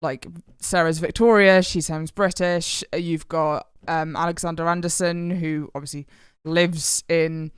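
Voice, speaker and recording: Clear-voiced blunt woman chatting. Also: low voice, steady tone, unhurried, no room sound, studio quality. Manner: blunt, sweary, laughing easily. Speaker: podcast co-host. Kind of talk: casual chat.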